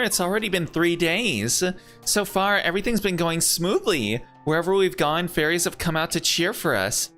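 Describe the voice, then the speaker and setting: A man's voice: fairly high pitch, sharp tone, voice pushed up. A man voicing a chatty, concerned young traveling companion, close to his own voice.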